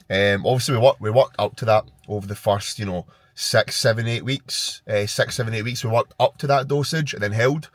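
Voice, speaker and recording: A man with a fairly low voice and a Glaswegian accent, chatting loosely to camera in a casual vlog. He rambles, swears a lot and talks in an easy, blokey way. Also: no echo. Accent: Scottish, Glaswegian. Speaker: fitness vlogger.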